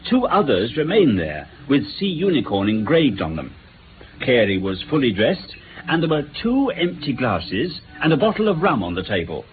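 An actor playing an earnest, frustrated police inspector in a radio drama, reporting in a plain, matter-of-fact way. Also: male voice, mid-range voice, wildly swooping pitch, normal speed. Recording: tinny phone-like radio broadcast with faint hiss.

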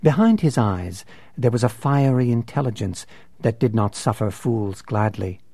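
A man narrating an audiobook in a measured, unhurried way. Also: medium pitch, animated, warm tone, slightly rough, no room sound.

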